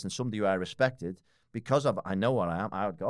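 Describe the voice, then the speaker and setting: Man, 40s, very deep voice, fast blunt talk with swearing, dry close sound. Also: dry recording. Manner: blunt, swears freely, laughs often. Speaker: guest. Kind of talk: casual podcast conversation.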